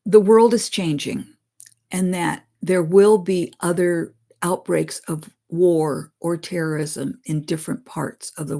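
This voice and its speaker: A woman's voice: fairly low pitch, creaky, dark tone. A woman psychic medium who reads channeled messages aloud, then stops to explain them in plain words, talking earnestly to her listeners as friends. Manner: stops to comment and rephrase, laughs at her own slips.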